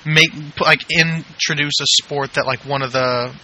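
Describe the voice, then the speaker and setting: Co-host, twenties, from Texas: joking, filler-heavy, slightly high bright voice. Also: male voice, steady tone, moderate pace, low-quality recording. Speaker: podcast co-host. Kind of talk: casual chat.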